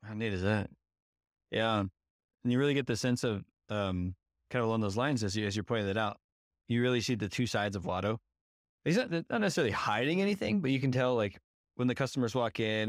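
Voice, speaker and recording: A man's voice: fairly low pitch, fairly quick, no room sound, clean studio sound. Upbeat man co-hosting a podcast. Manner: upbeat, engaged, animated when retelling scenes. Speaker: podcast co-host. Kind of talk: casual podcast discussion.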